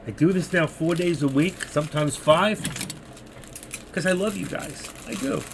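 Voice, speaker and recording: A man's voice: a little high, unhurried, gravelly, noisy background. An older man with a New York accent, chatting through stock trades on a live stream and reading viewers' messages, losing his voice. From New York City. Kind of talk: live market commentary.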